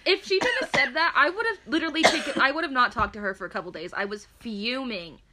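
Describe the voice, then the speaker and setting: A woman in her twenties telling a story in casual chat, animated, swearing freely and acting out what people said. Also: fairly high pitch, fast talker, a little hiss or hum.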